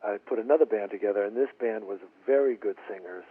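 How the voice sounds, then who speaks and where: Man, husky low voice, lively storyteller, tinny phone line. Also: fast, no room sound. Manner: animated storyteller acting out quotes. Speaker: guitarist guest. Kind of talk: storytelling in a radio interview.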